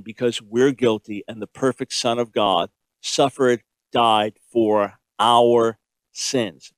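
A man preaching a sermon, emphatic and repetitive, asking rhetorical questions and shifting between quick and slow delivery. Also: mid-range voice, dry recording. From grew up in a Jewish home. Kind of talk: sermon teaching.

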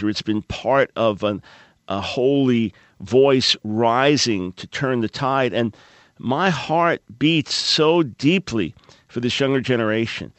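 A male Christian radio host talking earnestly and fervently at a studio microphone. His voice sits at a middle pitch, and the studio sound is dry and close. He speaks with the warmth of a preacher addressing his listeners. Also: no echo. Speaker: radio talk show host. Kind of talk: Christian call-in radio talk.

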